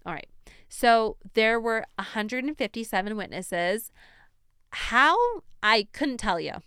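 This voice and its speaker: A woman's voice: medium pitch, a little slow, a bit bright, clear, resonant tone, no echo, clean studio sound. A young woman hosting a true crime podcast, telling the story in a chatty, casual way with frequent laughter and emphatic asides.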